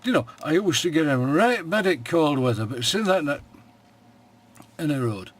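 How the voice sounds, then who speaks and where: An actor playing a wry, plain-spoken old shepherd in a radio monologue, with a broad Yorkshire accent and a dry, homely way of talking. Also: male voice, a little high, animated, moderate pace. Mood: chatty. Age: older.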